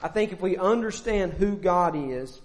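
A man preaching a sermon, emphatic and repetitive, with pauses and self-corrections. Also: sits high, animated.

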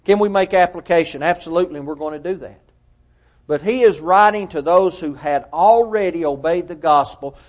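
A man preaching a sermon, emphatic and measured, asking his listeners rhetorical questions. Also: on the high side.

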